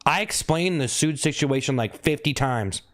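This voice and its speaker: Animated and fairly bright-toned, a man on a live stream talks at normal speed, giving shout-outs to viewers by name. He asks if he seems upset and breaks into abrupt, high-pitched whoops.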